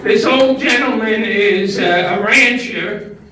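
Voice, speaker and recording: Captured in a distant, very echoey hall recording with noisy background, an older man from Brooklyn, New York tells stand-up jokes at a talent show. He speaks slowly in a high-pitched voice and laughs at his own punchlines.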